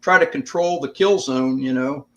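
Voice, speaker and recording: As a guest on an interview podcast, this older veteran from the United States shares stories in plainspoken, casual language, cursing now and then. He speaks at medium pitch and normal speed.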